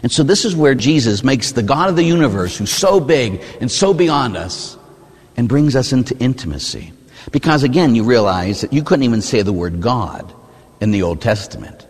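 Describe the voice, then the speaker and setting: A man, a Catholic priest, preaching a sermon in an animated, rhetorical way, often asking "huh?". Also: mid-range voice, normal speed, husky. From United States. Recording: reverberant hall.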